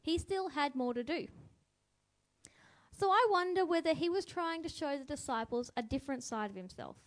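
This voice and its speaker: With a high-pitched voice and moderate pacing, a woman offers a thoughtful spoken devotional. She wonders aloud, questions her audience directly, and livens up whenever she quotes something.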